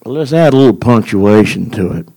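A man preaching a sermon in a folksy, deliberate way, building to a rising, emphatic cadence. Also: on the low side, expressive, vocal fry, mellow, rough recording.

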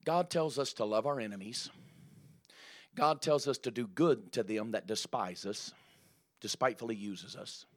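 A preacher delivering a church sermon in an emphatic voice that builds to loud, rising exclamations. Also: male voice, lowish voice, normal speed.

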